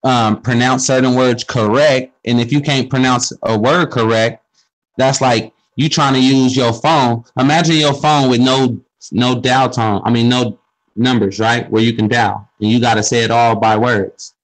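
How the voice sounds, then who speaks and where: A man in a casual group talk, explaining his views with slang and quick asides. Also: medium pitch, steady tone, poor audio. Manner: explains with questions and street slang. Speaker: speaker in a group discussion. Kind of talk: casual conversational monologue.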